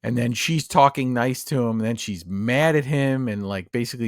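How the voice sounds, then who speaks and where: A man's voice: mid-range voice, moderate pace, vocal fry, dry recording, studio quality. A man co-hosting a podcast, chatting casually and enthusiastically about a movie. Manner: enthusiastic, rambling with fillers. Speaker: podcast co-host. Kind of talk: casual film discussion.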